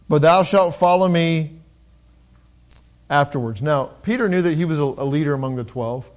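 A middle-aged man giving a sermon with a fairly high voice. He talks in an easy, conversational way, starting some phrases over. When he reads scripture, he lifts his voice. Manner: conversational, pauses and restarts, reads scripture in raised voice. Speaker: pastor.

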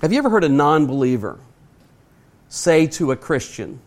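Middle-aged male preacher, sermon delivery, earnest and emphatic, slightly raised pitch. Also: big pitch swings. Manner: earnest, emphatic, speaks slowly to stress points; asks the audience direct questions.

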